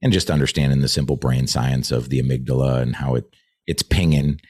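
Very deep-voiced man, dry sound. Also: steady tone, a little fast, darkish tone, husky, no echo. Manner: earnest, swears freely. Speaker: leadership trainer. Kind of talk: podcast conversation.

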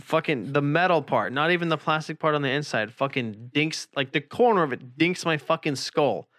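A young man in casual chat, swearing constantly while telling a story in an animated way. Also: on the high side, moderate pace, no echo, studio quality.

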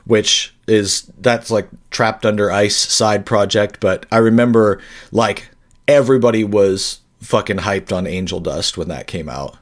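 A man's voice: on the low side, measured pace. Rambling, dry-humored podcast host guy. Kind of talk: casual podcast chat.

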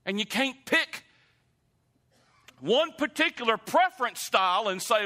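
A man preaching a sermon, emphatic and animated, speaking straight to the congregation. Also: very high voice, slow pace, gravelly, long pauses. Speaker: pastor.

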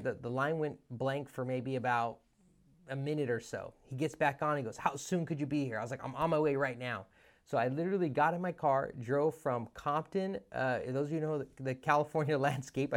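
Telling a story in relaxed, lively fashion, a thirtysomething business coach keeps restarting his sentences and performs the dialogue himself. He speaks in a mid-range voice.

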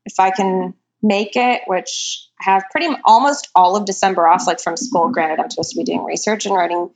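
A woman's voice: fairly low pitch, a little fast. Chatty young woman telling stories. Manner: chatty storyteller, many likes. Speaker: guest falconer. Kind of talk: casual chat.

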